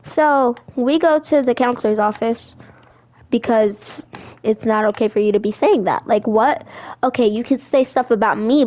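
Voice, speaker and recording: A teenage girl telling a sassy, animated story while chatting over her gameplay. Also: fairly high pitch. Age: teens. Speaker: gaming vlogger.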